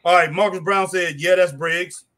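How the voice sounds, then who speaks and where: Excitable man, bright voice. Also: high voice, moderate pace. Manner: excitable, exclaims at the action. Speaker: co-host of a live wrestling watch-along. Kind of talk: casual chat, reading viewer comments.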